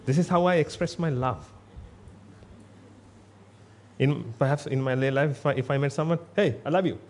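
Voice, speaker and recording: A man's voice: medium pitch, normal speed. A man giving a Buddhist sermon in a blunt, emphatic way, repeating himself for stress. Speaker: Buddhist monk.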